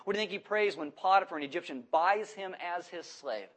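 A man preaching a sermon to a congregation, lively and questioning, acting out voices as he goes. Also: sits high, a little fast. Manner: animated, acts out voices and asks the audience questions. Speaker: pastor.

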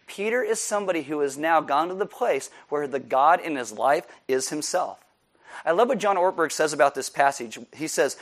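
A man, preaching a sermon in a casual, jokey way that drops soft for emphasis. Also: a little high, lively intonation, fairly quick. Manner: conversational, jokey, dips quiet for emphasis. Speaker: pastor.

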